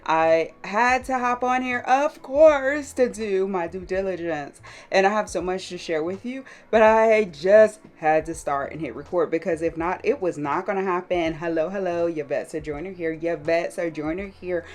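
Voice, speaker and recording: A jet-lagged woman hosting a casual vlog from her closet room at home, talking straight to her viewers in an animated way. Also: on the low side, moderate pace. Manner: animated, talks straight to viewers with repeated yeses and listens. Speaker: vlogger host. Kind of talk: casual chatty vlog to camera.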